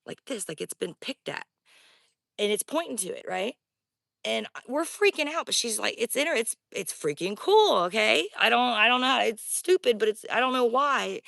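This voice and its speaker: A woman's voice: medium pitch, vocal fry, a bit bright, no echo, clean studio sound. Chatty woman telling a spooky story. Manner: chatty, rambling, addresses viewers directly. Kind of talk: casual first-person storytelling.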